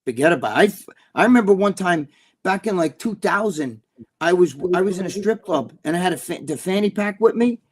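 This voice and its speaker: A man with a New Jersey accent chatting casually on a talk show. His voice sits high, and he talks bluntly, swears freely and rambles through "you know" fillers. He sounds like a seasoned bodybuilding personality holding court. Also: expressive, fairly quick, breathy edge. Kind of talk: casual chat.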